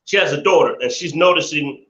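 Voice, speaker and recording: On a live stream, a male host rants indignantly and keeps repeating himself in casual commentary. His voice sits on the high side, brisk and a little bright. The room is echoey and the lo-fi sound is dull.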